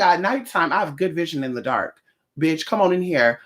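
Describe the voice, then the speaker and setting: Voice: medium pitch, lively intonation, fast, a bit bright. A livestream host chatting casually with viewers in a sassy, profane way, calling them honey.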